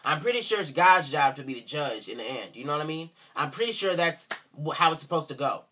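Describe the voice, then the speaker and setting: A man's voice: on the high side, expressive, brisk, pushed and bright. A man speaking in an indignant, sarcastic rant for a response video, repeating himself for emphasis. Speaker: video commentator.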